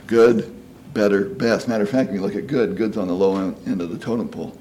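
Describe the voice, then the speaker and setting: Fast and mellow, with a voice on the low side, a sixty-something preacher gives a chatty, folksy sermon. He often asks "you know?" and performs quoted voices, and slight background noise can be heard.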